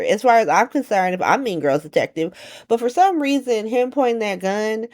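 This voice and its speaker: Animated woman recapping a soap. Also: on the high side. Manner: animated, slangy, acts out characters in quick voices. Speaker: soap opera recap host. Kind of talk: casual comedic recap.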